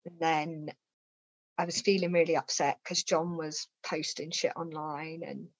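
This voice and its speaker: A woman guest recounts her personal story in an interview, lively and acting out quoted people's voices by raising her own. She speaks in a low-sitting, unhurried voice; the recording is dry, lo-fi, slightly dull, with no room sound.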